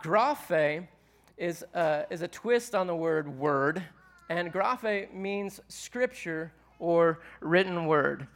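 Guy preaching to a church crowd, chatty and asks them stuff, voice on the higher side. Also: lively intonation, takes it slowly, a bit bright. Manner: conversational, asks the audience questions. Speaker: pastor. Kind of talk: sermon.

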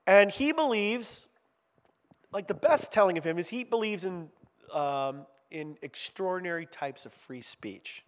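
Pastor preaching in a reverberant hall. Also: male voice, high voice, animated, a little slow. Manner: chatty, self-deprecating humor with asides. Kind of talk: conversational sermon. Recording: long reverb of a large hall.

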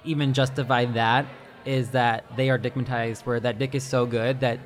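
A man's voice: mid-range voice, little pitch movement, normal speed, soft background music. A man interviewing a guest casually, asking short questions and laughing easily.

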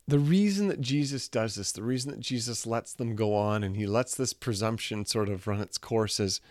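A man's voice: medium pitch, dry recording. Earnest man preaching, dry sound. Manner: earnest, retelling scripture with quoted lines and repeated phrases. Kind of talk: sermon.

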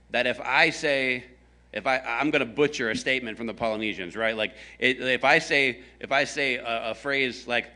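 A man's voice: mid-range voice, pushed and bright. A man from the American South preaching a conversational sermon, telling a story with jokes aimed at his congregation. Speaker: pastor.

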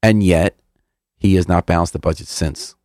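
An older man hosting a radio interview, asking pointed questions in rapid succession. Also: deep voice, steady tone, a little mellow, no echo, clean studio sound. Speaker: radio host. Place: radio studio.

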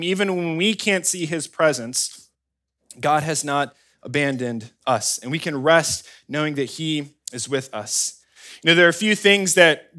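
Animated pastor, slightly high male voice. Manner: conversational, animated storytelling, frequent "right?" asides. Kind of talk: sermon.

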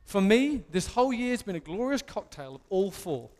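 An English man in his thirties preaching a sermon, animated and self-mocking as he tells stories. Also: high-pitched, moderate pace, big-room sound. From England. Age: 30s. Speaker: pastor.

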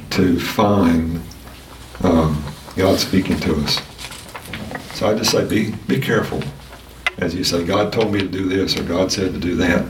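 A man teaching a casual Sunday school lesson, talking in a halting way with many restarts and fillers. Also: low-pitched, noisy background. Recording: roomy sound from a distant mic.

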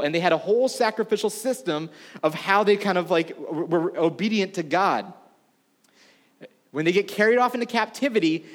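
A man's voice: high-pitched, in a large hall. A man preaching a sermon to a congregation in a casual, conversational way, full of asides. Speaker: pastor. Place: church room before a congregation.

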